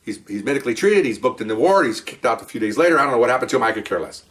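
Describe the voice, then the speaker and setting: Male police officer telling stories, brisk and rambling, a bit far from the mic. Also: mid-range voice, animated, a bit bright. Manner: rambling, conversational, acts out quoted dialogue. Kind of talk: casual spoken storytelling. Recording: voice distant from the mic.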